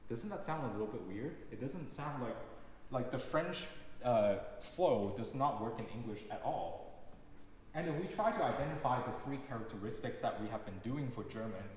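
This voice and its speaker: Guy giving a music lecture, steady explaining, lots of ums, booming echoey hall. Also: slight background noise. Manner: explanatory, measured, with frequent ums and uhs. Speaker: lecturer and pianist. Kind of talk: lecture recital talk. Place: concert hall.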